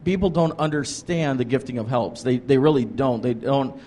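A man's voice: medium pitch, moderate pace, mellow, slight background noise. A man who is a pastor, telling his ministry story in an earnest, rambling way, with lots of restarts and "like" fillers. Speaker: pastor and ministry leader, guest. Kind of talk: casual conversational storytelling.

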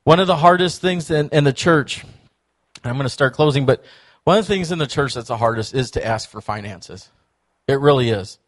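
Male pastor, sermon, church, mid pitch, animated storytelling. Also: fairly quick. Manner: storytelling, animated, acts out quoted voices.

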